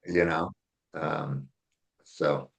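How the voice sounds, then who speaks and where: Low-voiced man laying out a case. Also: fairly even intonation, extremely slow, vocal fry. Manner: earnest, builds a case step by step with "okay?" check-ins. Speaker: author and attorney guest. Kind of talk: explanatory interview talk.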